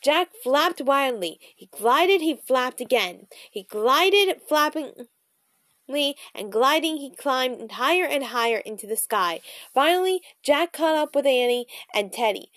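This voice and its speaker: A woman's voice: sits high, lively intonation, unhurried, a bit bright, no room sound. Bubbly woman reading a storybook aloud. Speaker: storybook reader vlogger. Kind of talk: reading a children's book aloud.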